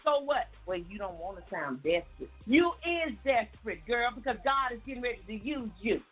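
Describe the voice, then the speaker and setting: Lady coach preaching her story, folksy, keeps repeating herself, kinda high voice, sounds like over the phone. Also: lively intonation, brisk, husky. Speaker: life coach. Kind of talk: animated testimony talk. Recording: tinny phone-like sound, faint music.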